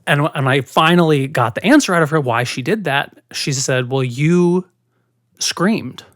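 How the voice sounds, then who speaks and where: A woman guest on a casual podcast frankly retells a personal story, animated and full of fillers, especially "like." Her voice sits low and unhurried, captured in clean studio sound with no room tone.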